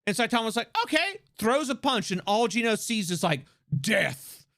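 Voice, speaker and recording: A streamer chatting casually on a livestream, rambling with lots of fillers and restarts, excitable and laughing often. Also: medium pitch, normal speed.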